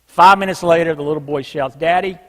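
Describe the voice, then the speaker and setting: A pastor with a notably high voice delivers a sermon, pressing each point with emphasis and then easing into a hushed, low refrain. His words ring out with a long reverb from a large church. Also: expressive, unhurried. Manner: emphatic, drops soft and low on a repeated refrain. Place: church sanctuary.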